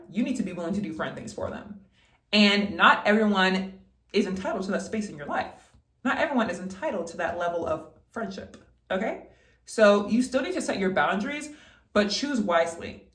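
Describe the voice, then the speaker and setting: A young woman talks straight to camera in a casual vlog, getting fired up and emphatic as she gives advice. Her voice sits a little high. The room around her rings with noticeable echo. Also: a bit bright. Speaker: vlogger. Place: room at home, getting ready.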